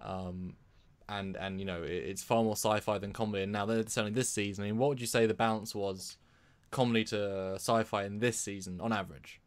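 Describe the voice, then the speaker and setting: A man's voice: on the low side, fairly even intonation, fairly quick, smooth. A man co-hosting a casual live stream, talking in a rambling way and often restarting his sentences. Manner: rambling, with many restarts and repeated words. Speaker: livestream co-host.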